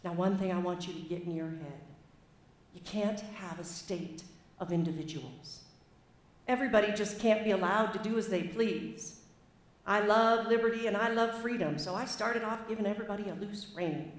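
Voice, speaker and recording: A woman's voice: on the low side, natural voice. Woman voicing old Moses, Southern drawl, stern fatherly lawgiver, emphatic folksy cadence, echoey room. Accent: American Southern, put on. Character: aged male leader, stern fatherly lawgiver.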